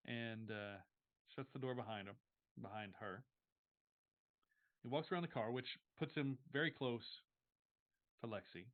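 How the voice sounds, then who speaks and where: A man's voice: medium pitch, unhurried, long pauses. A man narrating as game master of a tabletop game, hesitant with frequent restarts. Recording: tinny call audio with faint music.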